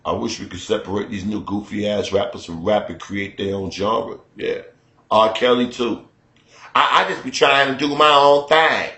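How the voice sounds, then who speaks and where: A man from Chicago hosting a loose, profane radio rant, animated and quick to slip into mock voices. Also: fairly low pitch. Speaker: radio show host. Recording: roomy studio echo.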